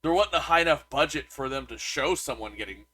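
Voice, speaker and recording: A man's voice: mid-range voice, expressive, brisk, crowd noise. A man co-hosting a podcast, chatting casually about a movie and reading reviews aloud, with lots of restarts. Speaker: podcast co-host.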